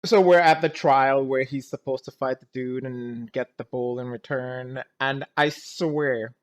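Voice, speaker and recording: Speaking in a mid-range voice at an unhurried, steady pace, this man rambles through a casual movie reaction, exasperated and frequently groaning or laughing. Again and again he restarts, saying "anyways, let's keep going."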